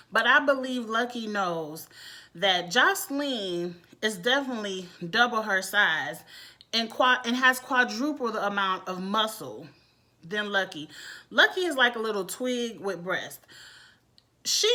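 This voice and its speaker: A woman giving a casual, animated reality TV review, laughing often as she talks. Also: a little high. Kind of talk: casual commentary.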